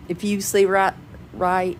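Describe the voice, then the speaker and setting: A woman's voice: mid-range voice, level tone, slow, slight background noise, low-quality recording. A woman, rambling chattily and laughing often in a personal home vlog. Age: 40s. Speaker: vlogger. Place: at home indoors.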